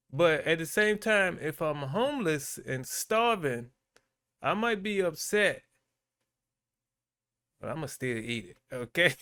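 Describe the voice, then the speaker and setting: Slow, smooth-voiced male vlogger. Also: a little high, a bit bright. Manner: laid-back, chatty, with frequent fillers and laughs. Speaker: vlogger and host. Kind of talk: casual commentary.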